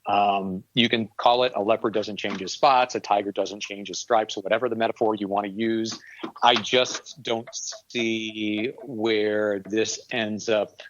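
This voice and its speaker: A man's voice: on the low side, little pitch movement, unhurried, slight background noise. A man co-hosting a casual sports podcast, sharing skeptical, opinionated views while thinking aloud. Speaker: podcast co-host. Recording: dull, dry home recording.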